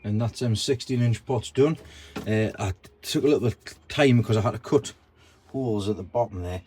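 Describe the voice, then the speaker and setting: A man who vlogs about his allotment chats about gardening and plants outdoors in his garden, sounding casual and self-deprecating. His voice sits on the low side, a little mellow, at a moderate pace.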